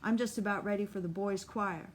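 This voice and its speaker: A woman's voice: medium pitch, steady tone, brisk, slight background noise, close to an everyday voice. A woman voicing a crude, volatile young man, reading his lines in a coarse tough-guy drawl for an audiobook. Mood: self-pitying.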